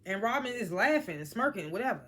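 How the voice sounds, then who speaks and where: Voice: medium pitch, quick pace, a little hiss or hum. A vlogger giving a casual, blunt spoken review of a reality TV episode, using speech and acting out what the cast said. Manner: animated, blunt, swears freely, quotes cast members.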